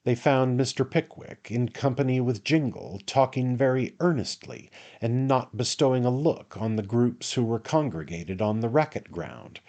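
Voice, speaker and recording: A man reading a classic novel aloud as an audiobook narrator in a measured, unhurried way. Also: mid-range voice, darkish tone. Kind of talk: scripted narration.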